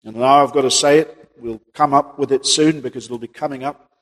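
A male preacher giving a sermon, posing rhetorical questions and swinging between loud and quiet passages. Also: medium pitch, fairly even intonation, fairly quick. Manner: rhetorical questions, rises and drops in volume. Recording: long hall reverb.

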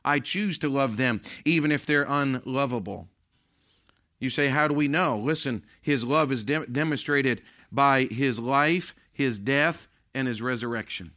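A man preaching a sermon as pastor, emphatic, rising loud and dropping to hushed asides. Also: mid-range voice, unhurried.

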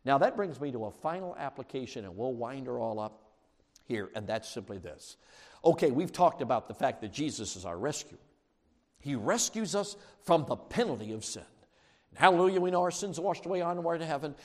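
Preacher man with wide-ranging, booming delivery. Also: very animated, a little fast. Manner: dynamic preaching, soft asides rising to shouted peaks. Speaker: pastor. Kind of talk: sermon. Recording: long hall reverb.

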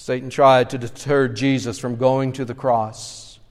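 A man's voice: mid-range voice, level tone, a little slow. A man preaching a sermon as pastor, earnestly retelling scripture scenes in expository style. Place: church sanctuary. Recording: long church reverb.

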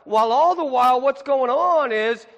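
A man preaching a sermon as pastor, moving from low asides to high, emphatic peaks. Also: animated, normal speed, creaky, a bit bright, in a large hall.

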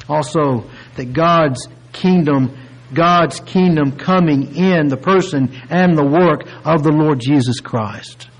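A man preaching a sermon, explaining scripture in an earnest, deliberate way and drawing out key words. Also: a little high, poor audio. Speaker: pastor.

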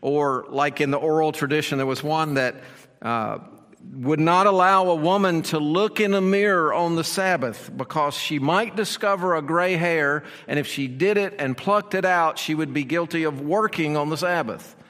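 Pastor preaching in a reverberant hall. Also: male voice, fairly high pitch, normal speed, a bit bright. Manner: explanatory, with rhetorical questions and repeated phrases. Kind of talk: sermon.

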